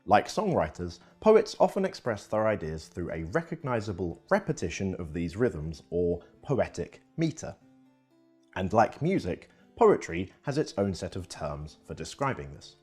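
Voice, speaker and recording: A man with a low, slightly husky voice narrates an educational piece from a script. His delivery swings widely in pitch, keeping the telling lively. Soft music plays underneath. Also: moderate pace.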